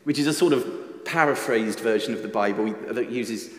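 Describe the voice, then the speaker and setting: A man's voice: mid-range voice, normal speed. A man giving a reflective sermon in a church, often asking his listeners questions. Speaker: preacher. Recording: echoey church hall reverb.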